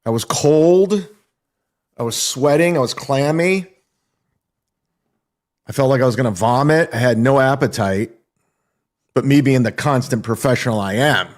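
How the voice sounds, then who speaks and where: A stand-up comedian man in a casual monologue, boastful and defensive, swearing freely. His voice sits in an ordinary middle range for a man. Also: medium pitch.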